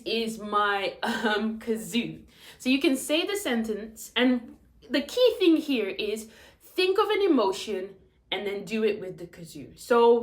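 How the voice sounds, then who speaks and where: A woman's voice: a little high, reverberant. A woman teacher giving chatty, demonstrative tips on telling stories to children. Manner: chatty, demonstrative, switches into character voices. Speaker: English teacher.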